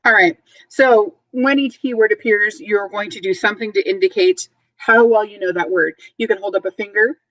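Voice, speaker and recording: A woman teaching a recorded vocabulary lesson to third graders, speaking clearly and spelling words out letter by letter. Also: mid-range voice, moderate pace, fairly bright tone, no echo, poor audio.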